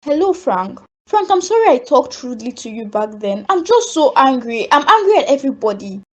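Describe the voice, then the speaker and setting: A woman with a Nigerian accent voicing a proud young woman in an animated drama, sharp and dismissive. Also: high-pitched, a little fast. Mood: regretful. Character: proud young woman leaving her lover.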